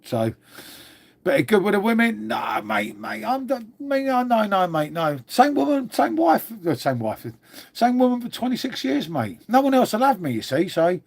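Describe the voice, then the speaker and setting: A man's voice: sits high, big pitch swings, moderate pace, gravelly, slightly rough. A man, chatting casually on a live stream, joking, swearing and calling everyone mate. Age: 50s.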